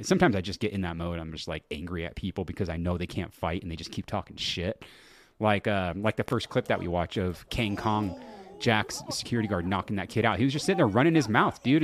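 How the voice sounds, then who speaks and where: Speaking fast and animatedly, a male podcast host with a slightly bright voice on the low side chats loosely on his solo show. He swears plenty and laughs at his own stories.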